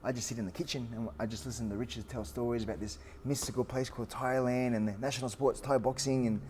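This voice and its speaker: A man in his forties from Australia, a fighter telling stories as a guest, lively with lots of fillers and restarts. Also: medium pitch, quick pace, slight background noise. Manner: animated storyteller with frequent fillers and restarts. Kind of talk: storytelling in an interview.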